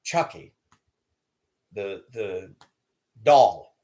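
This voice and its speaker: A man's voice: fairly low pitch, animated, drawn-out words, warm tone. A middle-aged man telling personal stories in a blunt, plainspoken way. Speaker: storyteller host. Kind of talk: personal storytelling monologue.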